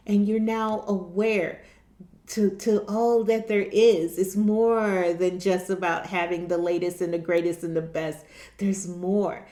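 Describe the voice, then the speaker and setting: Speaking earnestly to camera about spiritual awakening, this woman vlogger keeps repeating herself and starting sentences over. She has a mellow, medium-pitched voice, and the room is echoey. It's a casual spiritual talk.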